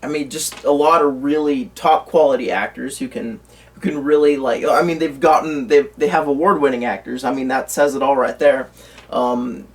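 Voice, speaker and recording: A man's voice: mid-range voice, steady tone, normal speed, far from the mic. A man co-hosting a casual movie news chat, rambling with lots of fillers and restarts. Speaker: co-host. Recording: voice from away from the mic.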